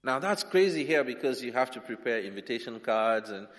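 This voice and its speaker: A man from Nigeria, preaching a sermon with humour, swinging between loud and soft. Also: mid-range voice, animated, brisk. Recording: long hall reverb.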